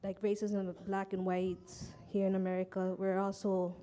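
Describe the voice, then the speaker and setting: A woman's voice: mid-range voice, monotone, moderate pace, mellow. A woman in the audience asking an earnest, hesitant question with many fillers. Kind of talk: question from the floor.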